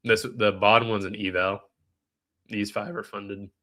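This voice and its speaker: A man's voice: lowish voice, level tone, a little slow, sharp tone. A man with a nasal, stuffed-up voice, live-streaming trading commentary in a casual way, thinking aloud and answering chat questions.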